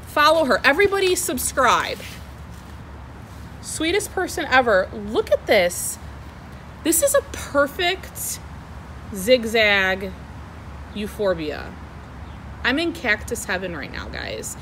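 The outdoor mic catches wind noise and poor audio as a young adult woman unboxes plants in an excited vlog, gushing and squealing with delight. Her slightly high, somewhat bright voice is very animated, slow-paced, and full of frequent pauses.

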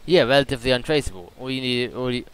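A man's voice: mid-range voice, very fast, smooth. A young British man streaming a game, chatting in a rambling, jokey way full of fillers. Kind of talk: casual gaming stream chat.

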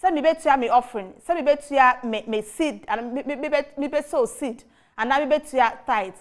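Higher-voiced Ghanaian woman talk show host. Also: a little fast. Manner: mixes Twi and English, many fillers while asking. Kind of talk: hosting a talk show interview.

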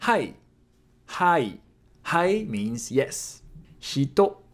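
Man, language teacher, playful scripted lesson, lively rising and falling voice. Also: fairly high pitch. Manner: playful, with drawn-out demo pronunciations. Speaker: Japanese teacher.

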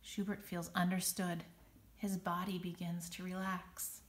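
A woman reading a children's picture book aloud, expressive and dramatic on the sound words. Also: fairly low pitch, unhurried. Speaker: storybook reader.

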